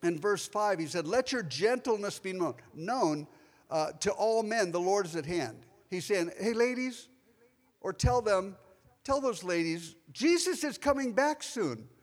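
Middle-aged male pastor, higher voice, lively sermon delivery with loud emphasis and soft asides, church hall echo. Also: a little slow. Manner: animated preaching, shifts between loud emphasis and quiet asides. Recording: long hall reverb.

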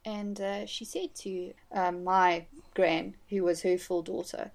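A woman's voice: on the low side, slow, vocal fry. A woman co-hosting a podcast, chatting animatedly about a film. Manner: animated, acts out quotes, laughs often. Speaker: podcast co-host. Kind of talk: casual chat about a film.

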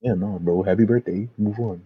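A man's voice: lowish voice, steady tone, fairly quick, breathy edge, no room sound. A man as a podcast guest in casual chat, laid-back and saying "bro" constantly. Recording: dull dry lo-fi sound.

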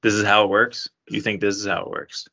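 A man's voice: fairly low pitch, little pitch movement, fairly quick, creaky, pushed and bright, highs cut off. A man co-hosting a casual sports podcast, laid-back and wry, often laughing along. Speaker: podcast co-host.

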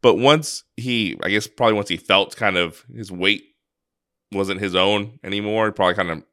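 A man's voice: lowish voice, normal speed, bright, forceful tone, dry recording, studio quality. A man co-hosting a podcast, telling a personal story in an earnest, casual way, often restarting his sentences. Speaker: podcast co-host.

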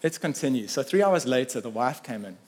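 A man preaching a sermon, animated and rising to emphatic peaks, voicing biblical figures' challenges in a raised, slowed voice. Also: medium pitch. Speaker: pastor.

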